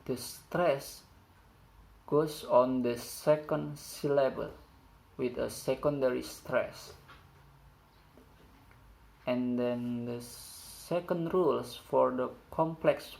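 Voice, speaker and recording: Young guy doing a school presentation, slow and halting, kinda creaky. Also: medium pitch, steady tone, a little mellow, low-quality recording. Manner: slow, halting delivery with restarts, non-native grammar. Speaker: student presenter. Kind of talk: classroom assignment presentation.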